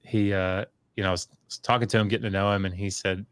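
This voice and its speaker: A middle-aged man with a low voice tells a long story in casual conversation, with many fillers and restarts. He gets livelier when he acts out what others said. The recording is dry and close, with no room sound. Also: fairly even intonation, fast, hardly any pauses, smooth, dry recording. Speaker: podcast guest, scholar.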